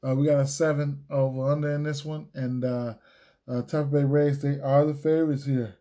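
Laid-back rambling sports picks host. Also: male voice, fairly high pitch, flat delivery, moderate pace, dark tone. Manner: rambling, many fillers and restarts; laid-back slangy talk. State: hiccups. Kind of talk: casual solo picks video.

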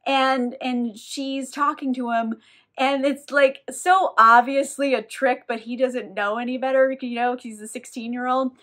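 A woman's voice: high-pitched, fairly even intonation, measured pace, fairly bright tone. A woman giving a casual, sarcastic recap of a novel, with wry asides and some swearing. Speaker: book reviewer.

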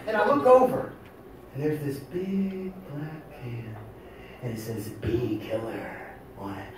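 A man's voice: fairly high pitch, slow. Man storytelling live in a club. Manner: animated, profane, swings from hushed to shouting. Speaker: musician telling a story on stage. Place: small music club, indoors. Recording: echoey, distant, noisy club recording.

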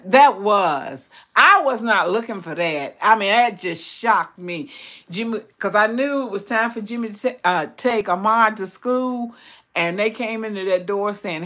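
An older Southern woman from Tennessee hosts a YouTube livestream, praying and chatting with viewers and repeating words for emphasis. She is recovering from hip surgery. Her voice is medium in pitch and a bit bright.

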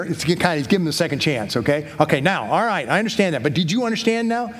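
A man's voice: fairly high pitch, expressive, fast talker, few pauses. Earnest man preaching a sermon. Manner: earnest, reads scripture aloud with rising emphasis. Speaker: pastor. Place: church hall.

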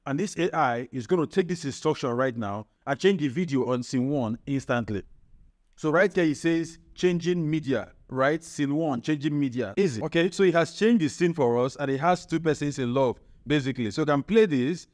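A man hosting a screen-recorded software tutorial. He keeps checking in with the viewer with a quick "right?". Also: a little high, animated. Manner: chatty, repeats "right?" to the viewer. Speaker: tech tutorial host.

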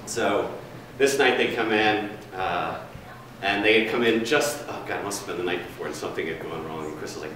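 A man's voice: low voice, brisk, fairly bright tone. A man telling a folksy, rambling workplace story, then running a staff training session in a large meeting room. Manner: rambling, folksy, chatty with fillers. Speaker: food and beverage trainer. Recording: distant, very echoey room with faint noise.

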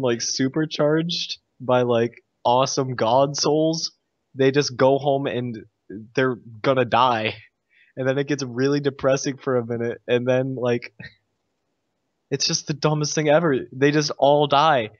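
A man's voice: medium pitch, dry recording. A young man casually ranting about a game, exasperated and sarcastic, with frequent sighs. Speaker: gamer recounting a game. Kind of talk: casual rant to camera. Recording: dull lo-fi dry recording.

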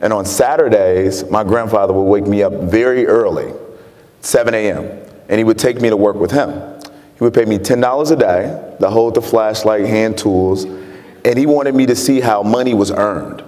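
A man from Chicago with a lowish, dark voice speaks at normal speed as a guest author in an onstage interview before an audience. He tells his story earnestly and laughs often, and the lecture hall gives a long reverb.

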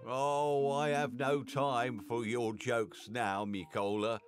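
A man's voice: medium pitch, flat delivery, slow pace, music in the background, pitched above the performer's own voice, lightly acted. A man voicing Sarunia, a dramatic village man who drags out his words for effect. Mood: sad. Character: dramatic village man, old friend, sullen and pushy. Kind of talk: game voice acting.

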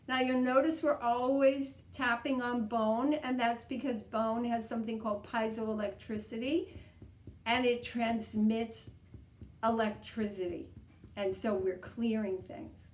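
A woman leading a guided tapping session, coaching calmly and repeating each step. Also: on the high side, a little slow. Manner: calm, repetitive, coaching tone. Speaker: EFT tapping practitioner. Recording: echoey room.

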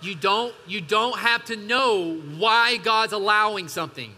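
High-pitched, bright-voiced preaching pastor. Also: male voice, measured pace. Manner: emphatic preaching with call-and-response asides. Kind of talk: sermon. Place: church hall. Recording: church hall reverb.

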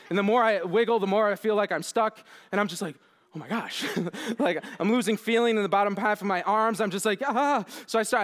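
A young man giving a conference keynote, telling a funny story and acting out his own lines with lively, self-deprecating energy. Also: sits high. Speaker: keynote speaker. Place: conference hall.

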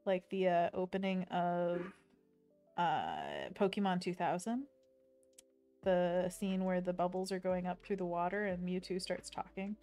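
A woman's voice: fairly low pitch, unhurried, dark tone, soft background music. A woman streaming her drawing, chatting playfully and reading viewer messages aloud. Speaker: art streamer. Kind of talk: casual chat while drawing on stream.

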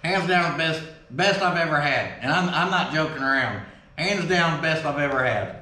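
This casual chat comes from a vlog host sorting through fan mail, a folksy man with a drawl who gets excited easily and curses freely. He speaks at a moderate pace in a fairly high male voice, and the sound echoes through a spacious workshop.

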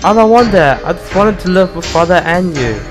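A man's voice: high voice, expressive, brisk, voice pushed up. A man voicing a young girl who begs not to be left alone, over violin music. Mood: pleading. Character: pleading young girl, clinging to her parents.

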